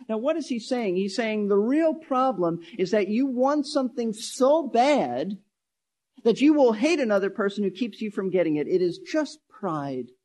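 A man with a notably high-pitched voice preaches to his congregation. He drives points home by repeating key phrases, speeding up and slowing down for emphasis. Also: darkish tone. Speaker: pastor. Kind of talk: sermon.

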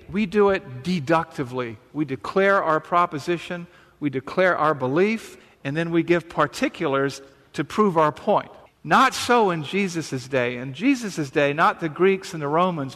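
A man's voice: a little high, a bit bright. Man preaching in a reverberant hall. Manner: earnest, emphatic preaching with dramatic quoted lines. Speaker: pastor. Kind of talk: sermon.

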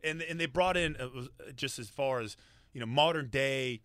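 A man from Los Angeles, a radio host in casual chat, telling stories in a lively, profane way at a studio microphone. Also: mid-range voice, normal speed, dry recording. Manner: animated, profane storytelling.

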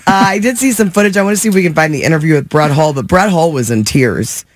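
A man's voice: a little high, lively intonation, fast, slight background noise. Chatty radio host man with a lifted voice. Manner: chatty, laughs often, restarts sentences. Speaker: radio morning show host. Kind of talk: casual studio banter. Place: radio studio.

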